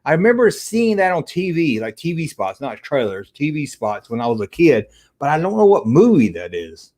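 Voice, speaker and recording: A middle-aged man hosts a casual live stream and rambles from one tangent to the next as viewers chat. His voice sits a bit high and swoops up and down a lot. His talk is loose and profane. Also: big pitch swings, moderate pace, darkish tone. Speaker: livestream host.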